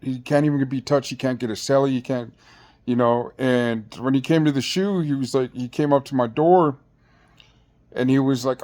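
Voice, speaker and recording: A man's voice: mid-range voice, steady tone, normal speed, a little mellow. Slangy man telling a blunt jail story. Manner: rambling, slangy and blunt, with many restarts. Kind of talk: casual storytelling.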